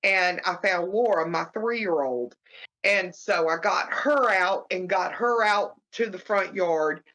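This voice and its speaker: A middle-aged woman, a guest, telling a personal story in a halting way, with many fillers and restarts. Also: fairly bright tone. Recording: muffled low-fidelity audio.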